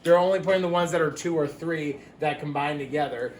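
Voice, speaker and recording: A man teaching a phonics lesson to young children, patient and slow, repeating each word. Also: on the high side, roomy sound, a little hiss or hum. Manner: patient, explains words slowly and repeats them.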